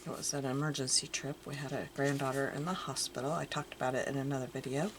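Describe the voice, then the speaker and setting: An older woman chatting casually at home as she shows off her craft finds, musing aloud and sometimes dropping into soft murmurs. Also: very deep voice, fairly even intonation, fast. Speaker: crafting vlogger. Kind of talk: casual show-and-tell chat. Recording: audible background noise.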